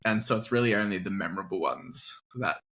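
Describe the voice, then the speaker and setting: Young man from Australia, interview guest, bright edge to his voice, loose and chatty with lots of "like" fillers, laughs easily. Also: deep voice, fast. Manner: relaxed, laughing often, many "like" fillers. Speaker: guest actor. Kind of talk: casual interview chat.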